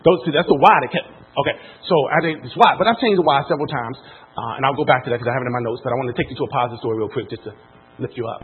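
A man giving a motivational talk to an audience, telling his story with lively ups and downs in loudness. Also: medium pitch, racing, slightly rough. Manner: animated storytelling, jumps from quiet to loud. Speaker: motivational speaker. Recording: lo-fi, phone-like sound.

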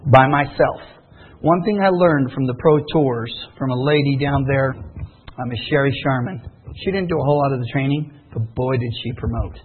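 A man hosting a sales event, telling stories in an energetic motivational stage talk full of fillers. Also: a little high, slightly rough. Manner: energetic, storytelling, many fillers. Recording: phone-like lo-fi sound.

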